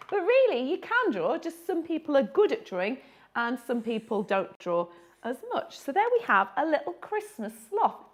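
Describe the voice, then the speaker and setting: Lively, chatty woman teaching drawing. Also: fairly high pitch. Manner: chatty, jokey, talks to children. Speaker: children's book illustrator. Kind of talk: live drawing tutorial for children.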